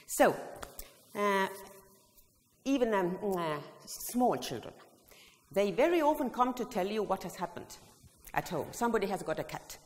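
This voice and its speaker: Her mid-range voice is sing-song and a little slow as she demonstrates in a singing workshop held in a large hall with a long echo. Presenting on choir education, she walks the audience through vocal exercises and sings phrases often.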